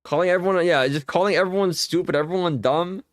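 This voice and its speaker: Young male streamer, fast heated rants full of swearing, slightly high voice. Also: dry recording, studio quality. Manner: heated, profane ranting with many fillers. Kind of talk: casual chat while gaming.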